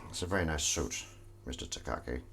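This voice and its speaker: A man voicing a cool, menacing male villain who speaks slowly and quietly. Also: very deep voice, lively intonation, husky, pitched below the performer's own voice, exaggerated voice. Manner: slow, quiet, threatening.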